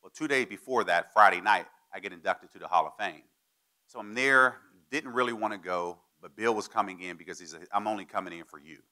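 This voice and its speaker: A man's voice: fairly low pitch, fairly quick. A man in his forties giving a storytelling speech, acting out the people he quotes. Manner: animated, acts out quoted people. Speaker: guest speaker.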